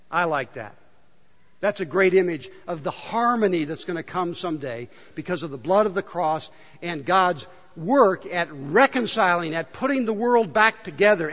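Pastor, male, lively high-ish voice, emphatic sermon delivery, dull, echoey church recording. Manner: emphatic, rhetorical questions to the congregation. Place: church sanctuary. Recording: dull, reverberant church hall.

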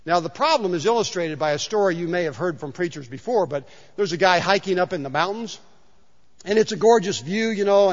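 A male pastor delivers a sermon in a church sanctuary, telling stories in a relaxed, conversational way. His voice sits high for a man, and he repeats key lines for emphasis. The recording is dull and carries long hall reverb. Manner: conversational storytelling with emphatic repetition.

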